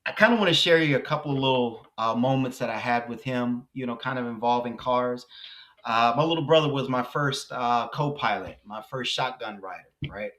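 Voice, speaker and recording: A man in his forties hosting a car vlog, speaking to viewers in a soft-spoken, reflective and heartfelt way, with many hesitations. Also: mid-range voice, moderate pace. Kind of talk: reflective personal talk to viewers.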